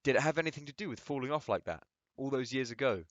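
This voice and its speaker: A man playing a calm middle-aged psychiatrist who asks gentle, probing questions. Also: medium pitch, fast talker, no echo, muffled recording, close to an everyday voice.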